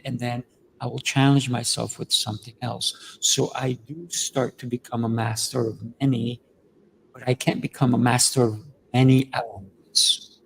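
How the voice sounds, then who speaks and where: A man's voice: mid-range voice, creaky, darkish tone, slight background noise, low-quality recording. A man hosting an interview, talking thoughtfully and asking long, winding questions. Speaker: podcast host. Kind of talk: conversational interview.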